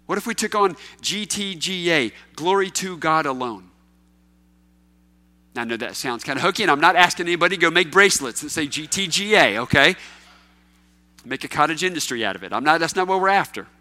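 A man preaches to his congregation, his voice high and bright. He presses loud, emphatic questions, then drops to quiet, low asides. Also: animated, fairly quick. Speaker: pastor. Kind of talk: sermon.

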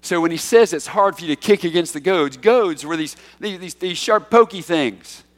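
A man preaching through a passage of scripture, his voice sitting a little higher than most men's. He is emphatic and swells to loud peaks on key lines. The sound carries the long reverb of a large church hall. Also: moderate pace. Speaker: pastor. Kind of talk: expository sermon.

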